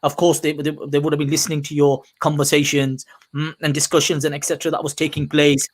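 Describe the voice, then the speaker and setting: A man's voice: fairly high pitch, monotone, fast talker. A man co-hosting a podcast, pressing his guest with emphatic, stacked questions. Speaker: podcast co-host, interviewer. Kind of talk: probing interview questions.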